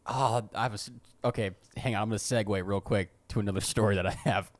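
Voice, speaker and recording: A man's voice: on the low side, fairly even intonation, quick pace, no room sound. Young male co-host, loose rambling storyteller, swears freely. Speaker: podcast co-host. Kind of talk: casual chat.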